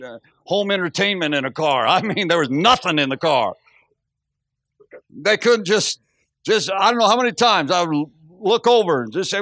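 A man's voice: sits high, dry recording, clean studio sound. A middle-aged man preaching a sermon as pastor, telling stories and acting out quotes with laughter. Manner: storytelling, animated, acts out quotes with laughs.

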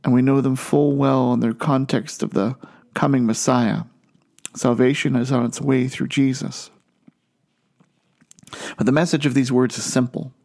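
A man delivers a sermon with a medium-pitched voice. He speaks earnestly, slowing down and lifting his voice for emphasis on key phrases. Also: steady tone, vocal fry, a little mellow. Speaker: pastor.

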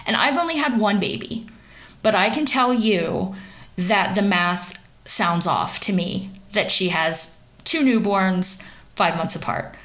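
A woman's voice: mid-range voice, slow, fairly bright tone. A young woman from central Pennsylvania giving sarcastic, wry commentary on celebrity gossip.

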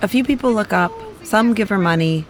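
A woman radio producer narrating a story in a calm, matter-of-fact way. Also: medium pitch, fairly quick, noisy background.

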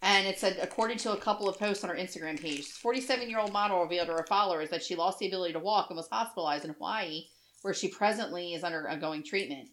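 A woman's voice: lowish voice, quick pace, a bit bright. Chatty woman gushing in casual talk. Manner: gushing, chatty, laughs often. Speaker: podcast co-host. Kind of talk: casual chat.

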